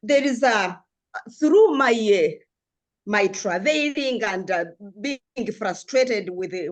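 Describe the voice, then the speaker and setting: A woman's voice: mid-range voice, expressive, slow pace. An older woman from Africa, speaking as a panelist in a discussion, passionate and earnest, with frequent restarts.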